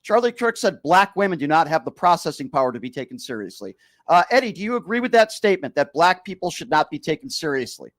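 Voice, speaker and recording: A man's voice: a little high, big pitch swings, fast, a bit bright. A male radio host arguing with a caller on a call-in show, combative and sarcastic, often interrupting. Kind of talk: heated call-in radio debate.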